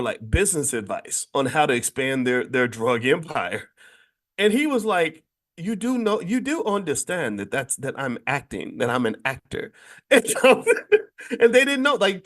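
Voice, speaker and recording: A middle-aged man hosting a casual finance talk show, speaking in animated, emphatic bursts with frequent restarts. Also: medium pitch. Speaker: host and finance educator.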